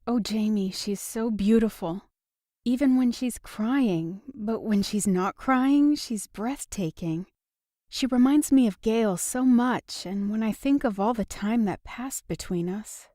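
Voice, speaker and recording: A woman's voice: a little high, takes it slowly, warm tone, dry recording, studio quality. A woman voicing an upset young woman who is defensive and sarcastic in an audiobook. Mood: tender. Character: upset young woman, guarded and sharp-tongued. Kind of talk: audiobook dialogue reading.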